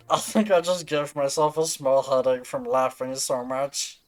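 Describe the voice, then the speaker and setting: Male game streamer, casual joking chatter, unhurried, self-mocking. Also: medium pitch, faint music behind. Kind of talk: casual gaming livestream chat.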